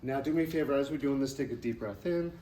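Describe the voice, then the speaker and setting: A man's voice: medium pitch, fast talker, warm tone. A man leading a stress-relief exercise for a live audience, coaching them and asking questions. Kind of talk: live workshop talk to an audience. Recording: roomy hall, voice from off-mic with faint noise.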